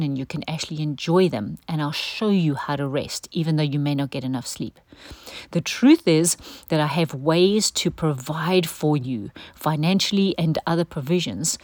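A middle-aged woman giving an earnest devotional teaching, gentle in manner and dropping to a soft breathy hush at times. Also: low-pitched, no room sound. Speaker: Christian teacher.

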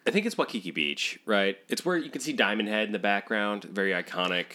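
A young man talks through a movie with friends in an animated, joking way. His voice sits fairly low but swings widely in pitch. It has a bright, forward tone. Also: fast talker. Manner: animated, jokey, puts on brief voices. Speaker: podcast co-host. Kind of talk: casual movie discussion.

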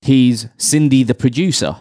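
A man's voice: medium pitch, normal speed, dark tone, no echo. A man hosting a podcast from a small home studio, chatting and teasing his friends. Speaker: podcast host. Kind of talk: casual chat.

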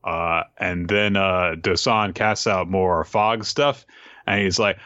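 With a deep voice and a slow pace, a male podcast co-host rambles animatedly through a recap of a manga chapter, full of fillers and asides. The recording is muffled, without any room sound.

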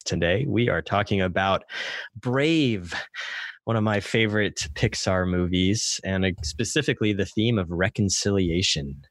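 A man's voice: sits low, moderate pace, a bit bright, dry recording, clean studio sound. A man hosting a casual podcast, upbeat and playful, talking to a co-host over the internet. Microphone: podcast mic over the internet.

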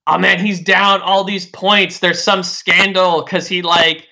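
A man's voice: high-pitched, little pitch movement, measured pace, pushed and bright. A man talking politics in a loose, rambling way, full of "like" and "uh", often restarting his sentences. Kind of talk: casual political chat.

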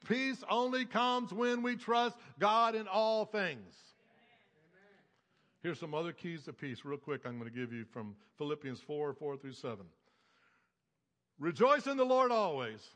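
A male pastor delivering a sermon with a high, bright, ringing voice. He preaches emphatically, stacking repeated phrases in rhythmic lists. His voice carries a long reverb, as if heard in a church sanctuary. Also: animated, measured pace, long pauses.

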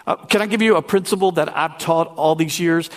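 A man pastor preaching a lively sermon, talking directly to his congregation. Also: on the high side, a little fast.

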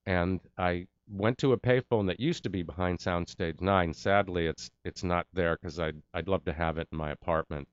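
A man's voice: deep voice, clear, resonant tone, dry recording, dull audio. A man, an actor, telling an anecdote in an interview, acting out the lines of the people in it. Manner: animated anecdote-telling with acted-out quotes. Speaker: actor and guest. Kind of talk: interview storytelling.

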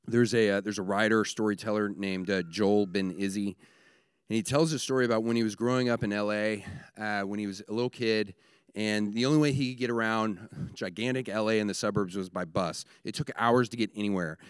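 A man's voice: fairly low pitch, steady tone, brisk, clear, resonant tone, no echo, clean studio sound. A man preaching a sermon, emphatic, building his points in repeated short phrases. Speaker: pastor.

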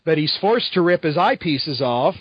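Excitable ranting man reviewer. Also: on the high side, moderate pace, breathy edge, dry recording, dull audio. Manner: excitable, ranting, many fillers. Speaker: comic book reviewer. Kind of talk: casual podcast review chat.

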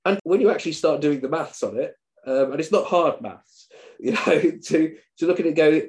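A man's voice: a little high, brisk, darkish tone. A man in his forties hosting a podcast, talking in a rambling, hesitant way. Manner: hesitant, rambling, many restarts. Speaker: podcast host. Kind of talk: casual podcast chat.

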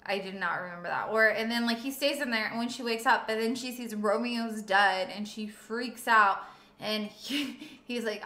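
A woman's voice: fairly high pitch, normal speed, sharp tone. A woman co-hosting a casual film review chat, blunt and swearing casually. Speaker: podcast co-host. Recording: echoey room.

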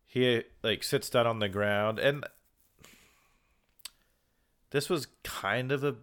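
A man co-hosting a casual podcast, retelling a movie's plot with lively, sarcastic commentary and acted-out quotes. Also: medium pitch, takes it slowly, clear, resonant tone. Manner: animated storyteller, acts out quotes, sarcastic. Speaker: podcast co-host. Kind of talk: casual movie recap chat.

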